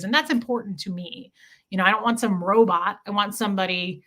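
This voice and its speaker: A woman's voice: medium pitch, brisk, fairly bright tone. A woman hosting a casual livestream, telling stories in a chatty way and acting out the dialogue as she goes. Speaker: livestream host.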